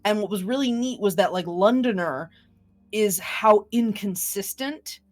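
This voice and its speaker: A woman's voice: medium pitch, measured pace, a little mellow. Chatty, enthusiastic woman co-host. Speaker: podcast co-host. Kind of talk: casual chat.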